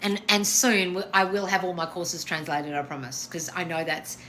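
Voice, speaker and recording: A woman's voice: fairly low pitch, normal speed, a bit bright, slight background noise. A middle-aged woman hosting a live question-and-answer stream, speaking bluntly with frequent swearing and calling viewers darling. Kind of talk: casual live Q&A chat.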